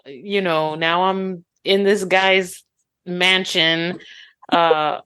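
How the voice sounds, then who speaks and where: A woman's voice: on the low side, steady tone, slow, a bit bright, clean tone. A woman co-hosting a casual book club discussion, giving her opinions expressively.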